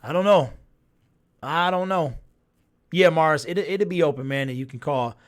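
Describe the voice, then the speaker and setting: A man with a fairly high voice hosts a casual sports talk livestream. He reads viewer comments aloud and reacts to them with lots of fillers and repeated phrases. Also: normal speed. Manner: animated, reacts to chat, frequent fillers and repeats.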